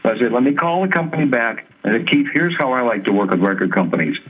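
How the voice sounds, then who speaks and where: A male guest musician tells his stories with animation, slipping into other people's voices as he quotes them. He laughs easily, and his voice sits at a medium pitch. The sound is thin and phone-like. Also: fast, slightly rough. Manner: animated storyteller who mimics others' voices and laughs often. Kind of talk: conversational storytelling in an interview. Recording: tinny phone-like line.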